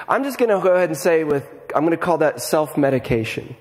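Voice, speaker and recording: A middle-aged man preaching a sermon as a pastor, talking in a conversational, animated way and often repeating his first words. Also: high-pitched, fast, in a large hall.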